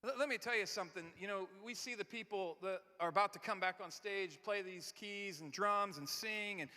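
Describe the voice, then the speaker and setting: Bright-voiced preacher man in a reverberant hall. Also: high-pitched, moderate pace. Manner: swings from loud and emphatic to hushed near-whispers; conversational, repeats and restarts words. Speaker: pastor. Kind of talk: sermon. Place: large church auditorium.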